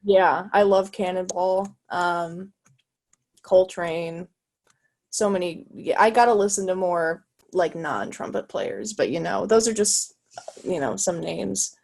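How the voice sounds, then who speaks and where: An 18-year-old woman from Illinois, a guest talking casually over a video call, eager and halting, full of fillers and restarts. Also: lowish voice, vocal fry, darkish tone. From Illinois, USA. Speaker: guest, jazz trumpet player. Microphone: video call microphone.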